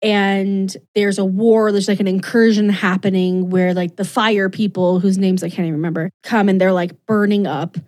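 Enthusiastic woman co-host, mid-pitched, chatty, fillers everywhere, gushes as she recaps. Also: flat delivery, normal speed, hardly any pauses, darkish tone. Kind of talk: casual chat retelling a story.

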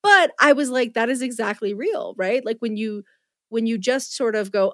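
A woman's voice: a little high, lively intonation, normal speed, fairly bright tone, dry recording. Enthusiastic woman, dry close sound. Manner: enthusiastic, self-deprecating, rambling restarts. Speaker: podcast co-host. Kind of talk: casual chat.

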